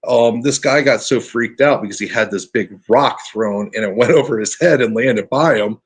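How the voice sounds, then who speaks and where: Podcast guest, male, husky, earnest storyteller who stumbles and restarts. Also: medium pitch. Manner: earnest, halting, restarts often. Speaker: podcast guest telling his encounter story. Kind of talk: casual storytelling.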